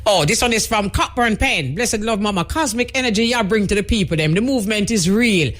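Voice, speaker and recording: A woman's voice: medium pitch, lively intonation, brisk. Jamaican woman hosting a chatty radio show. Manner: chatty, easygoing, with patois greetings. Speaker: radio host. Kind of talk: radio call-in show reading listener messages. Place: radio studio.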